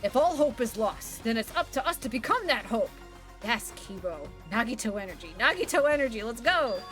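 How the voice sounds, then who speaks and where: A woman with a fairly high, slightly bright voice and lively intonation streams a game live at normal speed over game music. Her let's-play commentary is casual and full of swearing, and she reads the characters' lines aloud with gusto.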